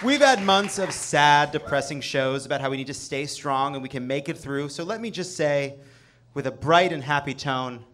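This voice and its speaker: A man's voice: fairly high pitch, expressive, normal speed, hardly any pauses, a bit bright, a faint crowd, a little hiss or hum. A man hosting a live comedy show on stage, delivering a sarcastic news monologue and swearing for emphasis. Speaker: host.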